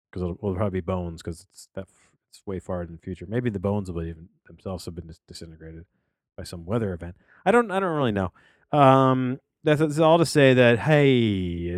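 A middle-aged man with a fairly low voice reviews a film on his own podcast, wandering into joking side tangents as he goes. He records in a home office studio with a close, dry sound and no room echo. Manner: digressive, jokey, trailing off into tangents. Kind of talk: rambling solo podcast review.

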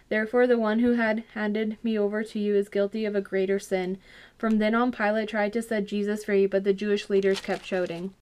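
A woman reads a scripture story aloud in plain narration. Her voice is smooth and resonant, the delivery simple with an occasional restarted phrase. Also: mid-range voice. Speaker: scripture reader. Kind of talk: scripture reading.

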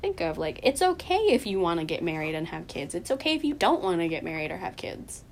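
A woman's voice: fairly low pitch, big pitch swings, brisk, a little hiss or hum. A young woman in casual chat, gushing with lots of fillers and laughter.

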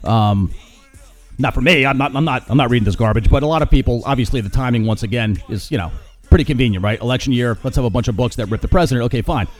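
A man's voice: mid-range voice, quick pace, soft background music. A man hosting a solo podcast, ranting with sarcasm and mockery about current events. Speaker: podcast host. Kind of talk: opinionated solo commentary.

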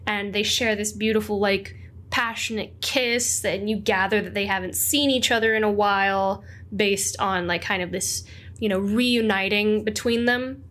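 A woman's voice: medium pitch, fairly even intonation, normal speed, a bit bright. A woman narrating a tabletop game as game master, rambling with many fillers.

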